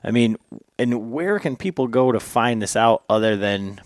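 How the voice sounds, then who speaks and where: A man's voice: mid-range voice, animated, normal speed, no echo, studio quality. A man co-hosting a podcast in casual talk, rambling and chatty as he asks questions and tells stories. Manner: rambling, many fillers and restarts, chatty storytelling. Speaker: podcast co-host.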